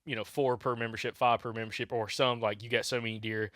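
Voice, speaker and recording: Bright-voiced man explaining hunting rules. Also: mid-range voice, little pitch movement, fast talker, dry recording, studio quality. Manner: explains plainly, with many fillers. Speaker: podcast co-host. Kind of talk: casual hunting podcast chat.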